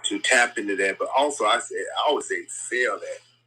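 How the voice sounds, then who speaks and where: A man with a low voice and a bright, forceful tone co-hosts a casual conversation. He thinks out loud and often repeats words as he searches for the right ones. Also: moderate pace, slightly rough, rough recording. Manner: thoughtful, repeats words while searching for them. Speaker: podcast co-host.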